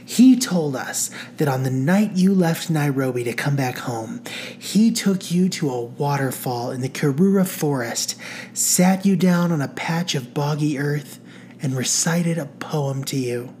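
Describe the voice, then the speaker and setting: A woman voicing an eager, gossipy woman friend, bubbly and excited. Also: low voice, a little slow, a little hiss or hum.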